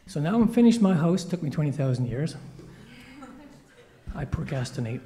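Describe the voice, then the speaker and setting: In a church service, a man with a voice on the high side tells a children's story, playful and animated as he acts out the quoted lines.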